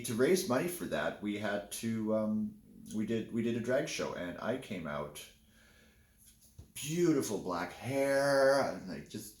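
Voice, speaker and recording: A man's voice: fairly low pitch, reverberant. A man telling a candid personal story in a casual, rambling way, often restarting his sentences. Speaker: vlogger.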